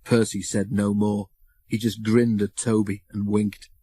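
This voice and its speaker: A man narrating a children's storybook in a measured, expressive way on a close studio mic. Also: fairly low pitch, slightly rough, no echo.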